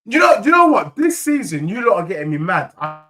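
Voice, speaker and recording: A young man in heated fan banter, voice pitched high and ringing bright. He fires off teasing jabs and repeats himself in quick bursts while reacting to viewers. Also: sing-song. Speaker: football fan channel host. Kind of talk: animated live fan chat reacting to viewers.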